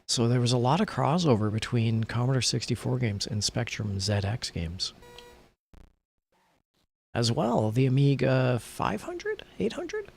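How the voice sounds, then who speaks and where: A man's voice: on the low side, creaky, husky. A tired man streaming a game, rambling chattily about old computer games while he plays. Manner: rambling, chatty, thinking aloud while playing. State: tired, yawning. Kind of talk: casual gameplay commentary.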